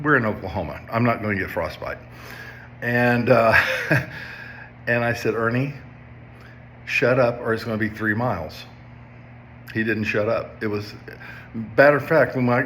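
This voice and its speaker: A man's voice: mid-range voice, fairly bright tone, a little hiss or hum. A man in his fifties, a substance abuse counselor, telling a personal story to viewers in a conversational way, often checking in with "okay?". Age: 50s.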